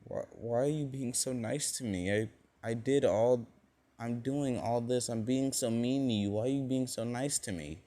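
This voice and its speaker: A man voicing a weepy, mistreated young boy who speaks softly, stammers, and keeps repeating himself. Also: mid-range voice, normal speed, lightly acted. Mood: tearful.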